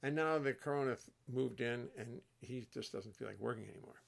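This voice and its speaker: This is an older man hosting a relaxed livestream from his home studio. His voice has a gravelly, fry-edged texture, and he rambles warmly from one story to the next. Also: medium pitch, brisk. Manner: rambling, chatty, warm-hearted storytelling. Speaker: host and bassist. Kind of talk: casual livestream chat.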